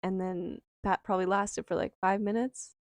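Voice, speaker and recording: A young woman slowly and softly telling a personal memoir, reflective and unhurried, with lingering pauses. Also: mid-range voice, flat delivery, dry recording. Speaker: storyteller.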